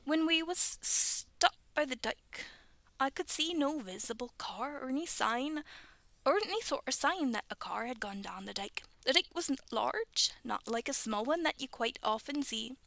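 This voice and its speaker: Young woman, casual storyteller, highish voice, dry close sound, chatty and self-interrupting. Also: lively intonation, unhurried, vocal fry, fairly bright tone, no echo. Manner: chatty, stumbles over text and laughs at herself. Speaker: video creator reading stories. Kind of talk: casual read-aloud with asides.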